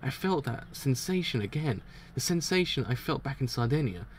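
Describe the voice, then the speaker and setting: A man's voice: mid-range voice, expressive, moderate pace, slight background noise, lightly acted. A man voicing a determined young male gang leader, talking urgently and alertly.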